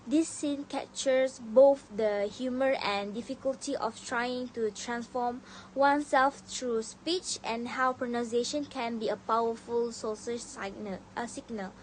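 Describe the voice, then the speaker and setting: A young woman student reading a prepared class presentation, pausing often to collect herself and slipping on words now and then. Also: fairly high pitch, steady tone, a little hiss or hum, poor audio. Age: young adult. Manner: reads carefully with frequent "uh" pauses and slips.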